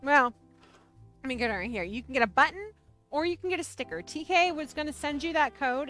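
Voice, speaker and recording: A high-pitched woman with a bright, ringing tone hosts a relaxed livestream. She is bubbly and playful, teasing and cheering her viewers, and faint music plays behind her. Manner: bubbly, playful, talks to chat. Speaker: livestream host. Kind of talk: casual livestream chat.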